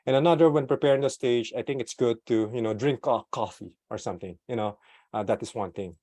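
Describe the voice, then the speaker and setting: A man discusses product management in an online talk via a desktop USB microphone, and no room sound comes through. His casual style features fillers, light laughs, wide swings in pitch and volume, and purposeful pauses and slowing.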